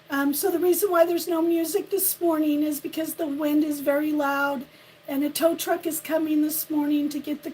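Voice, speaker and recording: A woman hosting a casual morning live stream, hoarse and losing her voice from a cold, chatting and laughing at how she sounds while greeting viewers by name. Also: high-pitched, a little mellow. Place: home on a windy ridge.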